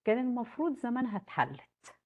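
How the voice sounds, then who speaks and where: A woman teaching English, slowly repeating key words and switching into Arabic to explain them. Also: fairly high pitch, sing-song. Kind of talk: recorded lecture. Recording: dull lo-fi lecture recording.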